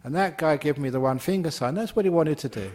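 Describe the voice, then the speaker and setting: A man's voice: on the high side, quick pace, darkish tone. Playful man giving a dharma talk. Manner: playful, laughs at his own jokes. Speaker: Buddhist monk teacher.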